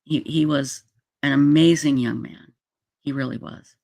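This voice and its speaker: Livestream host: gravelly, dry close sound, emotional and halting, casual chat. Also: medium pitch, steady tone, darkish tone, no echo. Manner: emotional, halting, many fillers. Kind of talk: casual livestream chat, reading comments aloud.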